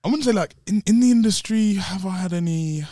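A man's voice: sits high, brisk, warm tone, dry recording, studio quality. A young man chatting casually on a podcast as a guest actor, laid-back and full of slang and filler words.

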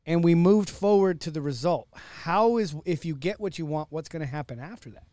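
A man's voice: a little high, a little fast, no room sound. A man co-hosting a casual podcast, swearing freely and retelling stories with acted-out quotes. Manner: profane, animated storytelling with acted-out quotes. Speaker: podcast co-host.

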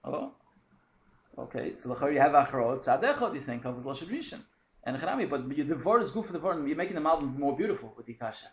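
Quick, animated man teaching a text class. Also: on the high side, roomy sound. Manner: animated, quick, mixing Hebrew and Yiddish terms. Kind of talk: lively text study class.

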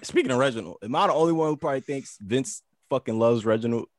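A man co-hosting a casual wrestling talk show, telling stories in an animated way with profane slang. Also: medium pitch, fast, dry recording, studio quality. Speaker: podcast co-host.

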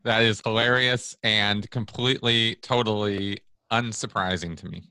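A man's voice: lowish voice, steady tone, normal speed, bright, forceful tone, clean tone, no room sound. A man hosting a casual chat, amused and teasing with his guest. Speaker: host.

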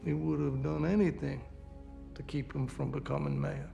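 An actor playing a smooth middle-aged mob boss, talking in a calm, confiding way. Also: male voice, a little high, moderate pace, highs cut off. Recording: film clip over music score.

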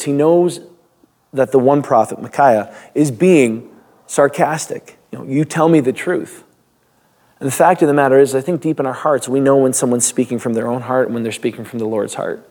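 Male pastor, mid-pitch, conversational devotional teaching, loose and unscripted. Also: darkish tone. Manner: reads scripture, then talks loosely with restarts and small laughs.

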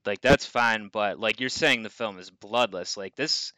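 A man co-hosting a casual movie podcast, with a bright, forceful voice recorded close and dry. He sounds animated and argues back with energy, and his pitch sits a little low. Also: measured pace, no room sound, poor audio. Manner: animated, pushes back in debate. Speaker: podcast co-host.

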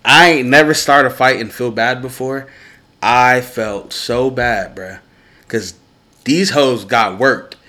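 A young man in casual chat, telling wild stories and bursting into loud laughter. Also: medium pitch, takes it slowly.

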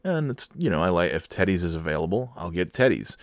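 Deep-voiced dad telling a funny story. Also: male voice, dry recording. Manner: animated, laughing, with quick restarts. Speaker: father telling a family story. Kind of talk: casual storytelling.

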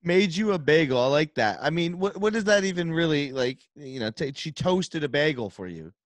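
A man's voice: on the high side, animated, moderate pace, no room sound. A man hosting a casual chat, reacting with short amused comments and laughter.

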